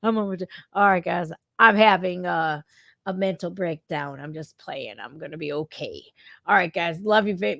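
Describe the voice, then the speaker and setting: A woman's voice: medium pitch, creaky, a bit bright, no room sound. A woman hosting her own show, ranting in a casual, fired-up way with plenty of swearing. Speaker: host. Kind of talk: casual reaction talk. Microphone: remote streaming setup.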